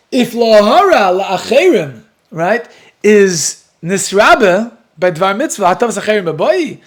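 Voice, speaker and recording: A man teaching a Talmud class, animated and explaining step by step, with a story worked in. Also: high-pitched. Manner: animated, switches between English and Hebrew-Aramaic terms.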